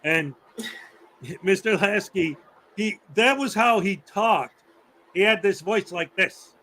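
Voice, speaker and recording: A man with a fairly high voice hosts a loose, casual chat. He rambles through stories, laughs often and slips into acting out the people he talks about. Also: slow pace, bright, forceful tone, rough recording. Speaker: host.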